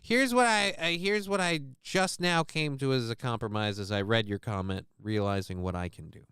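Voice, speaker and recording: A man's voice: medium pitch, normal speed, a bit bright, clean tone, no echo, studio quality. A man hosting a livestream, talking casually in a rambling, profane, self-mocking way. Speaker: livestream host.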